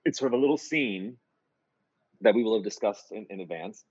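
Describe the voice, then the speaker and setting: Low-voiced man, rambling with many restarts. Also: animated, fairly quick, a little mellow, breathy edge, no room sound, muffled recording. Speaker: musical theater composer and lyricist. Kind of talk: casual interview chat.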